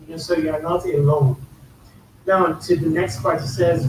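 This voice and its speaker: A man's voice: fairly high pitch, fairly even intonation, moderate pace. A man with a Nigerian accent explaining a song's lyrics and slang in casual commentary, repeating phrases for emphasis. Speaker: YouTube music reaction host. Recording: echoey room, mic a bit far, faint hiss.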